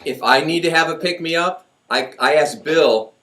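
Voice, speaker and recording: A middle-aged man giving a lively motivational talk as host, often acting out voices in his stories. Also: fairly high pitch, measured pace. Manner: energetic, acts out voices in stories. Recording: echoey room, mic far off.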